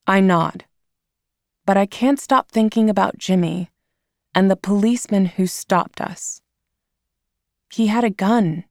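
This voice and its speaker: A woman reads a storybook aloud at a slow, measured pace. Her voice has a gravelly, creaky texture. The recording is dry and close. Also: mid-range voice, a little mellow, dry recording. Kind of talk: scripted audiobook narration.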